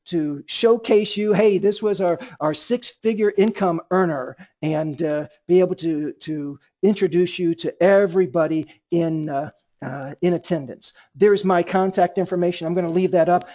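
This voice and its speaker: A man's voice: on the high side, normal speed, dark tone. A man running a sales training webinar, talking energetically and acting out both sides of phone calls. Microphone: computer mic on a webinar. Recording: dull lo-fi webinar audio.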